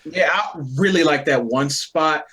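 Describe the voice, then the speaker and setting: A man's voice: fairly high pitch, measured pace, a crowd in the background. A man co-hosting a casual chat, laid-back, swearing a lot and acting out his reactions. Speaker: podcast co-host.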